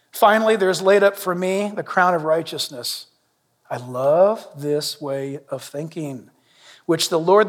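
Middle-aged man, pastor; lively sermon delivery with quiet asides; high voice, big reverberant sanctuary. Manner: animated, humorous, shifts between loud and hushed. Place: church sanctuary. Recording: long reverb in a large hall.

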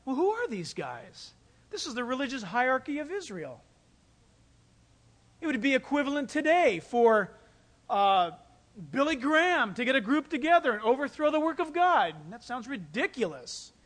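A pastor preaching a sermon, telling stories with animated delivery and acting out quoted voices. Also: male voice, very high-pitched, normal speed. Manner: animated storytelling, acts out quotes.

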